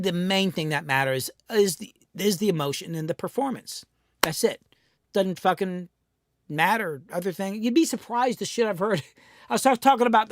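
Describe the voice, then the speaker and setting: A man's voice: high-pitched, fairly bright tone, dry recording. A man hosting a music-production live stream from his home studio, chatting casually in a rambling, profane way full of restarts. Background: cats in the room.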